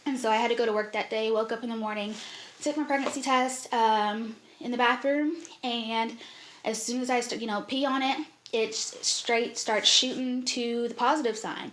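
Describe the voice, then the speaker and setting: A woman's voice: a little high, steady tone, moderate pace, a bit bright, a little hiss or hum. A young woman vlogger telling a personal story in a candid, heartfelt way, with many fillers.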